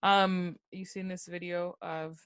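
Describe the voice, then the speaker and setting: A woman's voice: fairly low pitch, level tone, slow pace, clear, resonant tone, dry recording. A woman co-hosting a podcast, chatting casually about celebrity news, using "like" often and acting out other people's lines. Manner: chatty, lots of "like", quotes others in voices. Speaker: podcast co-host. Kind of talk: casual pop culture chat.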